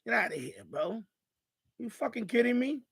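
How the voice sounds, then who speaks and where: A man's voice: very high-pitched, very animated, normal speed, vocal fry, breathy edge. A man hosting a live stream, ranting angrily and profanely at a viewer in the chat. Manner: angry, profane, repetitive rant.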